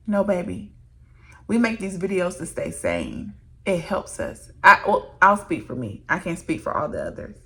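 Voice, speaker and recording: A woman speaking to her viewers with earnest, emotional candor as she shares a faith testimony. Her low voice has a gravelly, creaky edge, and she talks to them warmly as "y'all.". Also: wildly swooping pitch, moderate pace. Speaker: licensed minister and vlogger. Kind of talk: candid faith testimony to camera.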